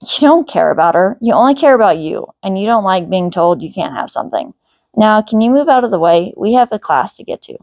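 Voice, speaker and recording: A woman's voice: mid-range voice, big pitch swings, fairly quick, gravelly, a little mellow, dry recording. A woman doing a blunt, protective teenage brother.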